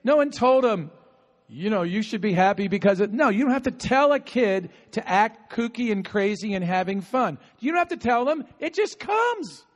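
A man preaching a sermon in an animated, talkative way, calling on the congregation to respond. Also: high voice, normal speed. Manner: animated, talkative, with bursts of laughter and call-and-response. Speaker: pastor. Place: outdoor gathering with insects audible. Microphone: no microphone at times.

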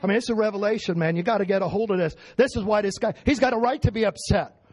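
A man preaches a lively sermon with a husky, fairly high voice. He talks emphatically and keeps asking his listeners questions. He shifts between raised intensity and quieter stretches. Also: fast. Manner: emphatic, asks the congregation questions.

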